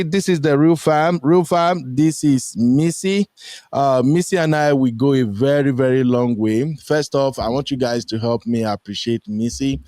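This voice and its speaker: A young man with a Nigerian accent hosts a casual streamed chat, his voice at a middle pitch. He talks animatedly, jumping up in pitch whenever he quotes someone. The sound is dry and close. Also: dry recording. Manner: animated, pitch jumps when quoting people. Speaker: host. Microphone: streaming headset mic.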